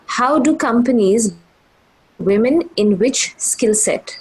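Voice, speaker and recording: A woman's voice: a little high, lively intonation, slow, darkish tone, husky, low-quality recording. A woman moderating a webinar, reading out audience questions and thanking the speaker.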